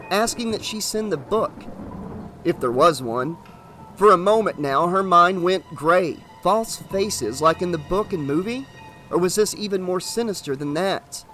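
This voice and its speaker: A man's voice: sits high, fairly bright tone. Man narrating a horror audiobook.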